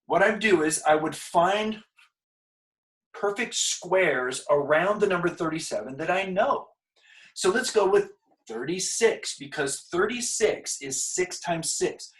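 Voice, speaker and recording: Joking, slightly high-voiced male math teacher. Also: a bit bright, low-quality recording. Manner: joking, thinks aloud while working problems. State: out of breath. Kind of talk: casual math lesson.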